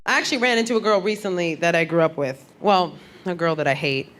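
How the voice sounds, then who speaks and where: A woman's voice: fairly low pitch, fast, heavy background noise. A woman performing a stand-up comedy set, acting out the people she quotes with big jumps in her voice.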